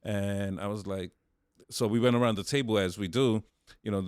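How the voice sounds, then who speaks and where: Low, smooth-voiced supportive man. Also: moderate pace, no echo, clean studio sound. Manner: calm, supportive listener. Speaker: podcast co-host. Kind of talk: casual podcast chat.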